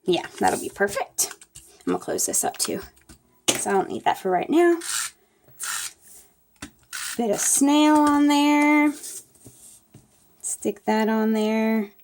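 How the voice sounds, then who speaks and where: Lady doing a craft tutorial, chatty and folksy, soft mellow voice. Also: medium pitch, gravelly, slight background noise. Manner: chatty, folksy, talks to viewers while working. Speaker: craft demonstrator.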